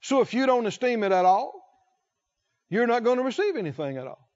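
A man preaching a sermon, speaking slowly and emphatically, drawing out key words and putting questions to the congregation. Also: very high-pitched, big pitch swings, darkish tone, muffled recording.

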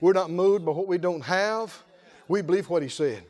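A male pastor preaching a lively sermon, often laughing and calling out to the congregation. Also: high voice, normal speed. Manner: animated, laughing, call-and-response preaching.

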